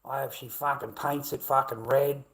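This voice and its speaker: A man's voice: medium pitch, fairly even intonation, normal speed, a bit bright. A middle-aged man with an Australian accent ranting bluntly at his live chat, swearing heavily and repeating himself. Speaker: livestreamer.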